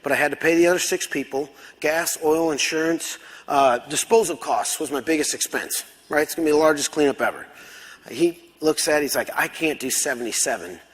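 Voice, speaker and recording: Animated Midwestern man in a reverberant hall. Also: a little high, brisk. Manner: animated, acts out dialogue. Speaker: conference speaker. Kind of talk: storytelling keynote talk. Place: large conference hall.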